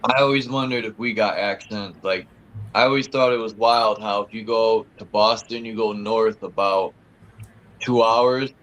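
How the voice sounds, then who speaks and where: A man with a low voice talking in casual, rambling chat. He swears freely, trails off and restarts, and keeps an easygoing, conversational flow. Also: steady tone, moderate pace, a bit bright, muffled recording. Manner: rambling, profane, loose and conversational.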